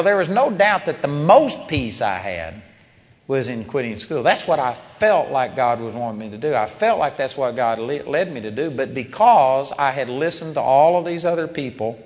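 A man preaching a sermon, telling a personal story with animated rises and quiet drops when quoting people. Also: mid-range voice. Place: large seminar hall. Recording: long reverb of a large hall.

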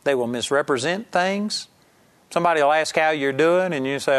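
A man's voice: a little high, normal speed. A man preaching a conversational Bible-teaching sermon, acting out scenes as he explains a passage. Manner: conversational, animated, acts out the scene.

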